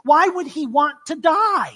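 A male pastor delivering a conversational sermon with a very high, bright voice. He acts out the scripture as he reads it and questions his listeners directly. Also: animated, a little slow.

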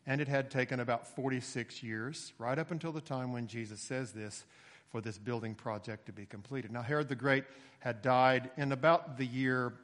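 Man preaching in a reverberant hall. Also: mid-range voice. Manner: explanatory, steady teaching tone with occasional emphatic rises. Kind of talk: expository sermon.

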